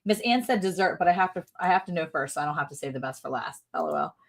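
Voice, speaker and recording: A woman's voice: on the low side, expressive, fast. A middle-aged woman co-hosting a casual livestream, giggling often and reading viewer comments aloud. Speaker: livestream co-host.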